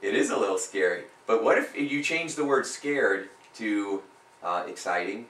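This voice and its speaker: A man's voice: on the low side, lively intonation, normal speed, a bit bright. A man working as a hypnotist, coaching a client live and pressing points home by repeating phrases with rising force. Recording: roomy sound from a distant mic.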